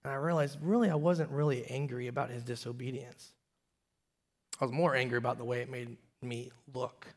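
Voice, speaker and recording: Telling a personal story from the pulpit, a pastor in his thirties moves between emphatic loud moments and quiet, hushed confession. He speaks briskly in a medium-pitched voice with a steady tone.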